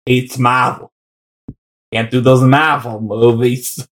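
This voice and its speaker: A man's voice: medium pitch, flat delivery, takes it slowly, a bit bright. A man co-hosting a casual podcast chat, joking around and laughing often. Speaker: podcast co-host.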